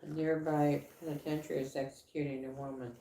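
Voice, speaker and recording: A woman co-hosting a casual livestream chat, rambling with halting restarts and fillers. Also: low voice, flat delivery, vocal fry, dark tone, slight background noise. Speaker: livestream co-host. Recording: echoey room.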